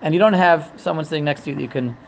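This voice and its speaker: Man teaching a religious lesson, fairly high voice, jokes, digresses, repeats himself, faint background noise. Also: racing, vocal fry, low-quality recording. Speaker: Torah teacher.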